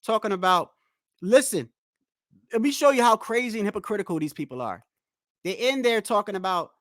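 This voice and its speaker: A man's voice: sits high, lively intonation, fairly quick, pauses often, fairly bright tone, dry recording, studio quality. A man hosting a live stream, talking bluntly and with a lot of cursing while he answers viewers in chat. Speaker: livestream host. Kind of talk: casual live-stream rant.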